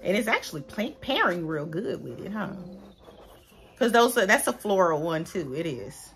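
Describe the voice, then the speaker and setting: A woman's voice: fairly low pitch, big pitch swings, normal speed, faint music behind. A woman vlogger talking straight to her viewers in a casual, heartfelt way, chatty and calling them y'all. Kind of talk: casual vlog talk to viewers.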